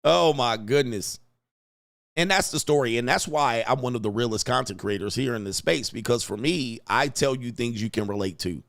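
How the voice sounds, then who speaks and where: A man's voice: mid-range voice, moderate pace, gravelly, fairly bright tone. A man hosting a casual livestream, joking loosely with slangy, profane street talk, laughing often and reading viewer comments aloud. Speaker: livestream host.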